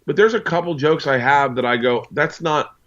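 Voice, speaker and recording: A man's voice: medium pitch, lively intonation, a little fast, fairly bright tone, muffled recording. A man in his forties, a guest on an interview show, telling rambling anecdotes full of asides. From United States. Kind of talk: casual storytelling.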